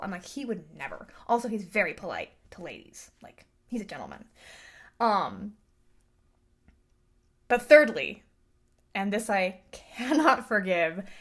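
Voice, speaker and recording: A woman giving a casual, animated review rant, exasperated and full of fillers. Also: mid-range voice. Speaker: book and film reviewer.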